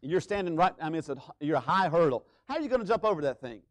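Male pastor, high voice, church sermon; urgent and loud, then hushed and slow for emphasis. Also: sing-song. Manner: preaching with sweeping swings between loud urgency and hushed emphasis. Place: church sanctuary.

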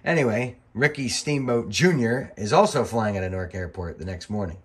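A middle-aged former referee talks over old wrestling footage in a loose, chatty voice-over. His voice sits a little low, and he wanders from story to story. He swears casually and quickly gets fired up. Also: animated. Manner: rambling, chatty, profane, quick to get worked up.

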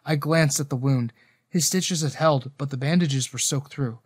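A man narrating a first-person romance story in a calm, reflective way. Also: mid-range voice, moderate pace, no room sound, studio quality.

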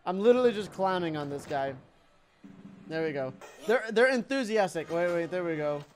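A young man giving excitable let's-play commentary, thinking aloud and laughing as he plays. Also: sits high, moderate pace, soft background music. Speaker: gaming YouTuber.

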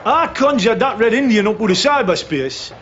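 A cocky Geordie schemer. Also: male voice, high-pitched, animated, moderate pace, fairly bright tone, highs cut off, slight background noise. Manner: blunt, boastful, scheming. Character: cocky scheming working-class builder. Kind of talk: television drama acting.

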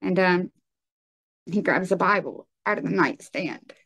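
Halting young woman telling her testimony. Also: fairly low pitch, a bit bright, slightly rough, no echo. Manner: halting, full of ums and likes. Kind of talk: personal testimony in conversation.

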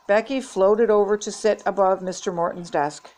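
An older woman reading a children's chapter book aloud in a steady, gentle read-aloud manner. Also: medium pitch, normal speed, poor audio. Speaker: storybook reader.

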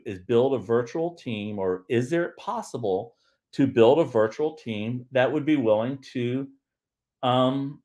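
A man's voice: mid-range voice, a little mellow. Rambling man hosting a livestream. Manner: rambling, frequent restarts and fillers. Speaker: livestream host. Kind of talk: casual livestream talk.

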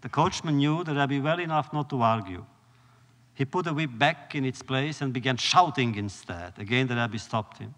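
Male lecturer, measured storyteller with long pauses; live hall reverb. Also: mid-range voice, fairly bright tone. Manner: measured, solemn, with dramatic pauses.

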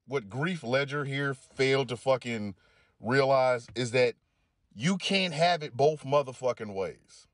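Brief: male commentator, mid-pitched voice, dry close sound, angry and foul-mouthed, building to loud bursts. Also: measured pace, no echo. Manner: heated, heavy swearing, rising into shouty peaks. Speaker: commentator reacting to clips. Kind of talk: profane rant.

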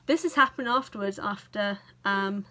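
A young British woman giving a casual film review to camera, chatty and animated, swearing freely and acting out the characters' reactions. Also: medium pitch, normal speed. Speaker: vlogger.

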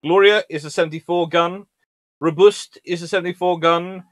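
Hombre británico animado, voz en sala seca. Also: male voice, high-pitched, moderate pace, no room sound. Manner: lively and chatty, reading names in a sing-song list. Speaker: naval historian hosting a livestream. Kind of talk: casual lecture reading ship lists and answering chat.

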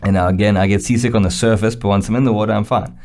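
Young man, low-ish voice, podcast co-host, casual storytelling, animated, laughs a lot. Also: racing. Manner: animated storyteller, acts out quotes, laughs often.

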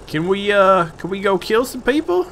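Cocky little duck-shaped war machine from a video game, high and swaggering, played by a man. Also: sing-song, normal speed, fairly bright tone, slight background noise, exaggerated voice. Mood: cocky, carefree. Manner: carefree and boastful.

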